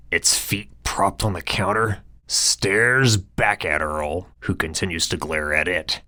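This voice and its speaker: A man's voice: low-pitched, bright, forceful tone, no room sound, studio quality. A man narrating an audiobook in a crude, sardonic way. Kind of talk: scripted narration.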